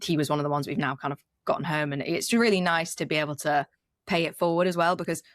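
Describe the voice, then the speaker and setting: Low-pitched woman guest, earnest, rambly, dry close sound. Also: fast, no room sound. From United Kingdom. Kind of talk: casual interview chat.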